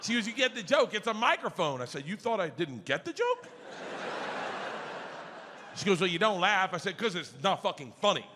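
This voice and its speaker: A man doing a stand-up comedy set, telling a story loudly and acting out the other people in it with shouted voices. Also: high-pitched, normal speed, pauses often, noisy background. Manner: loud, animated storytelling that jumps into shouted voices. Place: comedy club stage before an audience.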